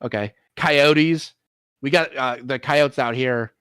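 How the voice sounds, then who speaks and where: A man's voice: mid-range voice, takes it slowly, fairly bright tone, clean tone, no echo. A man hosting a laid-back stream, telling rambling stories with restarts and casual swearing. His voice sits in an ordinary middle range and the recording is close and completely dry. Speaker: streamer host. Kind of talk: casual chat.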